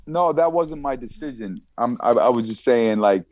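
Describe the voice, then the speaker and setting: A man's voice: mid-range voice, animated, normal speed, crowd noise. A man with a Long Island accent, a guest rapper chatting casually on a podcast, rambling with repeated words and frequent laughs, on a remote call. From United States. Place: Germany.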